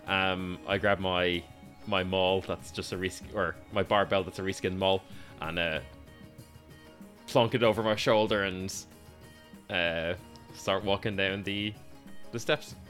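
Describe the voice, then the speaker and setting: A man's voice: low voice, steady tone, measured pace, fairly bright tone, soft background music. A man playing a tabletop game, chatty and casual in character. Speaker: player. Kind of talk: tabletop role-play.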